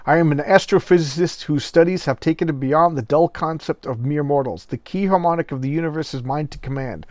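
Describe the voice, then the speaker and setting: A man's voice: fairly high pitch, brisk, few pauses, darkish tone, no room sound, lightly acted. A pompous scientist from an old comic declaims his grand gift to mankind, as a man puts him on. He speaks in a lofty, self-important way. The sound is dry and close to the mic. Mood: grandiose. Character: grandiose male scientist giving a godlike gift.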